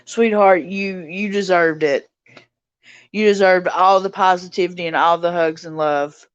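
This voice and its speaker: Slow-talking woman streamer, smooth voice. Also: lowish voice, fairly even intonation, no echo, dull audio. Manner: warm, reads out viewer comments and greets chatters. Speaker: livestream host. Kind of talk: casual livestream chat.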